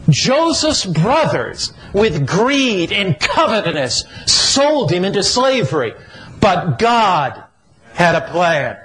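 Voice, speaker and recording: A man's voice: sits high, fairly bright tone, poor audio. A middle-aged man preaching a sermon as an evangelist, with an emphatic, repetitive cadence.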